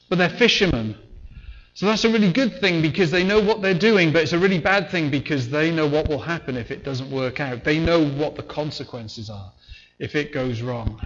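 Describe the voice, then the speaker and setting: A man's voice: fairly high pitch, muffled recording. A man preaching a sermon in a conversational way, sometimes acting out the voices of the people in the story. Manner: conversational, acts out voices in retelling.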